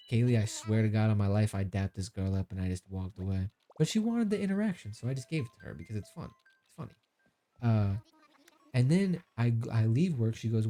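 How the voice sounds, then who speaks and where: A young man with a lowish, very dark and mellow voice tells a story to his live-stream chat. He talks casually and animatedly, firing off incredulous outbursts and laughing often. Faint music plays behind him. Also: normal speed.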